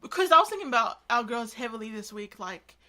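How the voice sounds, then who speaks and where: A woman's voice: a little high, very animated, brisk, bright, forceful tone. A woman co-hosting a casual podcast, rambling with lots of filler words as she retells stories. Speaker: podcast co-host.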